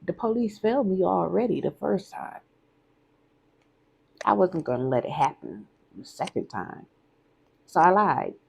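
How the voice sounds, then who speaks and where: A woman's voice: fairly low pitch, lively intonation, a little slow, gravelly, pauses often, slightly rough. A woman telling a personal story in a candid, conversational vlog, often repeating herself for emphasis.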